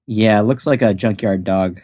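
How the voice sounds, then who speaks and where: Man, podcast host, low voice, playful rambling, dry muffled audio. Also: unhurried, a little mellow, slightly rough, no room sound. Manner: playful, laughing, rambling with restarts. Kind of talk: casual chat recapping a manga chapter.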